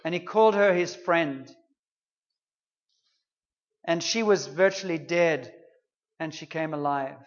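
A man's voice: on the high side, takes it slowly, pauses often, lo-fi sound. A man preaching a sermon, retelling a story in an earnest, conversational way.

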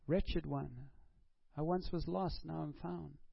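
A man's voice: fairly high pitch, steady tone, takes it slowly, vocal fry, slightly rough, no room sound, highs cut off. A man preaching a sermon, asking rhetorical questions and acting out prayers and dialogue.

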